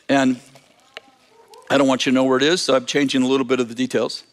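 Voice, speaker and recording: A man preaching, telling a long anecdote in a lively, animated way with frequent restarts and self-corrections. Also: medium pitch, quick pace, pauses often, a little hiss or hum. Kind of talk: storytelling sermon.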